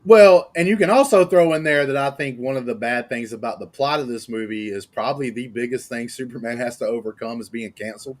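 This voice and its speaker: A man with a Southern US accent, co-hosting a casual movie review podcast and arguing his points quickly and with energy. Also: medium pitch. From Southern United States. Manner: fast, animated, argumentative. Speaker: podcast co-host.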